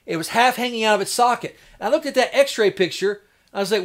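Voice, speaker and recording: A fairly high-voiced man talks on a casual live stream. He rambles in a folksy way and slips into quoted voices when he retells a doctor visit. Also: fast, few pauses. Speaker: homestead livestreamer.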